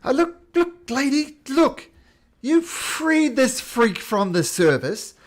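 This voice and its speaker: A man voicing a loud, exasperated male circus handler in a tabletop game, ranting and shouting. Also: extremely high pitch, sing-song, slow pace, pitched above the performer's own voice, full character voice. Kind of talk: tabletop role-play voice.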